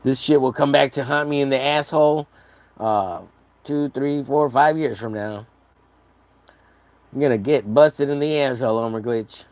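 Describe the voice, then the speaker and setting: A man's voice: mid-range voice, moderate pace, darkish tone, no echo. A man chatting casually on a livestream while drawing, rambling and joking with lots of swearing. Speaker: artist streaming a drawing session.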